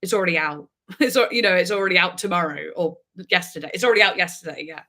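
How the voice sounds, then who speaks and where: A woman's voice: on the low side, fast, pushed and bright. A woman, a music reaction YouTuber, chatting casually and rambling on a livestream, laughing often.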